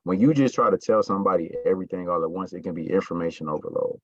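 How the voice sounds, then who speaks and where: A man's voice: sits low, fast, no room sound, dull audio, soft background music. A man coaching his sales team in casual talk, stressing words and often checking in with "right?" and "you got me?".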